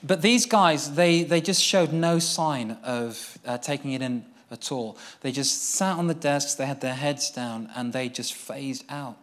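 A young man preaching as he tells a personal testimony, earnest and storytelling, swinging from excited to hushed. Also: medium pitch, unhurried, hardly any pauses.

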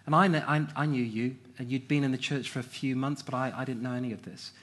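A man's voice: medium pitch, fairly even intonation, fast, fairly bright tone. A man leading a church interview, asking questions in a hesitant, conversational way. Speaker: church leader interviewing a member.

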